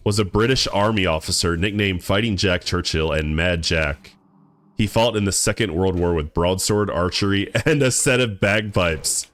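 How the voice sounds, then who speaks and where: Chatting casually with viewers while he plays a game, a young man rambles in a relaxed way, tripping over and repeating words. His voice sits low and is a bit bright, at a moderate pace.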